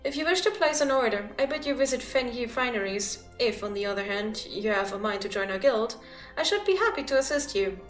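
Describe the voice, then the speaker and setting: A woman's voice: on the high side, expressive, brisk, echoey room, faint music behind, close to an everyday voice. A woman voicing a formal, earnest guildmaster while reading game dialogue aloud, with small slips.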